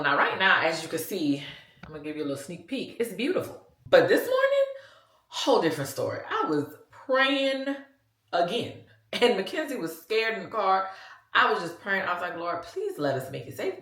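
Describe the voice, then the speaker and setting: A woman in her forties with a Louisiana accent chats casually with viewers in her vlog, calling them "y'all." Her voice sits on the low side and is sing-song and fairly bright, at normal speed in an echoey room.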